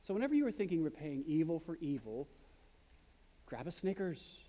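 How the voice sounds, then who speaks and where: A pastor delivers his sermon in a high, bright-pitched voice, earnest and direct, easing into humorous asides now and then. His words ring out into a large hall that carries a long reverberation behind him. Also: big pitch swings, moderate pace.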